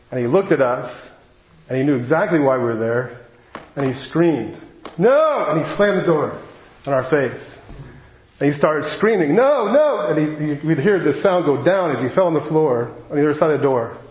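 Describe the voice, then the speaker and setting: A man preaching a sermon, telling a personal story in an earnest way and slowing down on the heavy moments. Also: on the high side. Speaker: pastor. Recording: echoey hall, dull lo-fi sound.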